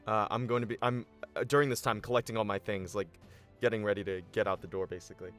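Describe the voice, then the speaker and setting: A man playing a tabletop game, talking in a casual, brisk way. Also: lowish voice, steady tone, fairly bright tone, soft background music. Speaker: player.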